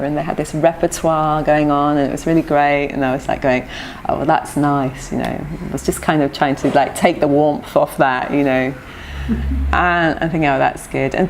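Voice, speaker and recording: Middle-aged woman, low-pitched, devotee reminiscing with lively anecdotes. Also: a little hiss or hum. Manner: lively anecdotal recounting with frequent laughter. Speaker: devotee sharing memories of her teacher. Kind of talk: personal storytelling.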